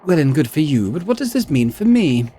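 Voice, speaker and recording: A man's voice: on the high side, big pitch swings, brisk, warm tone, pitched above the performer's own voice. A man voicing a bitter young male wizard, tense and defensive.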